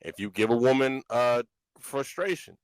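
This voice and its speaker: A man's voice: mid-range voice, lively intonation, moderate pace, no room sound, rough recording. A man hosting a podcast in casual chat, playful as he leads a game of set scenarios. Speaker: podcast host.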